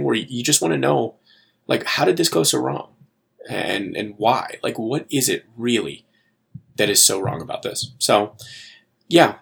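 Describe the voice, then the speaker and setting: A man talks through a movie review with dry, deadpan exasperation. His voice sits low and carries heavy vocal fry. There is a husky edge to every word. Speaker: podcast co-host. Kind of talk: casual movie review chat.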